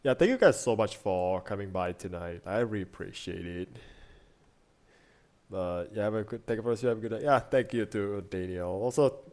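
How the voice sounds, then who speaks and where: A young man streaming from his desk, talking loosely to his viewers. His voice sits a bit low, and he rambles through restarts and fillers as if thinking aloud. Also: normal speed, darkish tone. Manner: rambling, many fillers and restarts, frequent laughs. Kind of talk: casual stream chat.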